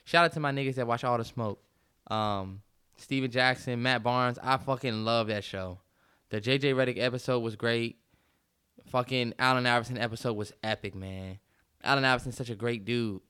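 A man's voice: mid-range voice, moderate pace, pushed and bright, smooth. A man co-hosting a podcast, emphatic and profane in casual chat, repeating himself as he riffs. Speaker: podcast co-host.

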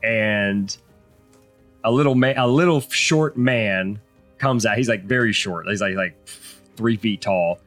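A man's voice: fairly low pitch, measured pace, a bit bright, soft background music. A man narrating as game master in a tabletop game, rambling with many fillers and restarts.

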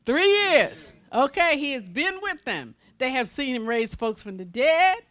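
A woman minister preaching a sermon in a folksy, animated style with call-and-response to the congregation. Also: high-pitched, a little slow.

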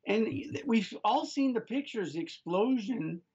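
Recorded muffled at a remote site away from the studio, an older talk radio co-host emphatically argues politics, calls his audience folks, and keeps stumbling into restarts. His voice is high yet darkish and husky, animated but unhurried.

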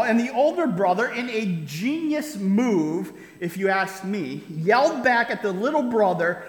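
A man's voice: high-pitched, animated, a little slow, hardly any pauses, fairly bright tone. A man preaching a sermon, telling a story with frequent "right?" asides and chuckles. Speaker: pastor. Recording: roomy hall reverb.

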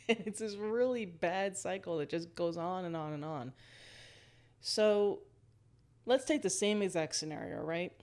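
A woman hosting a casual storytelling monologue, lively, laughing often and walking the listener through a scene. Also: lowish voice.

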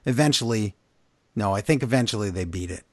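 A man co-hosting a podcast, recapping events in casual chat, animated and blunt with his opinions. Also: fairly low pitch, brisk, no echo. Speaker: podcast co-host.

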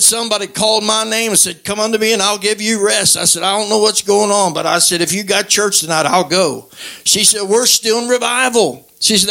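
A man's voice: sits high, vocal fry, bright, forceful tone. A man giving his personal testimony as a plainspoken story. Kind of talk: recorded spoken testimony.

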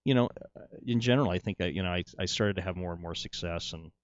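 A man's voice: low-pitched, fast talker, highs cut off. A middle-aged male actor telling his story in a casual interview, rambling, with many restarts and "you know"s.

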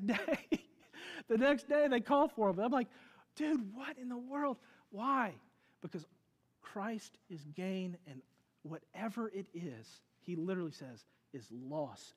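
High-voiced preacher in a reverberant hall. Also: male voice. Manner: animated storytelling, swinging from loud to hushed. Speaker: pastor. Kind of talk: sermon. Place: church sanctuary.

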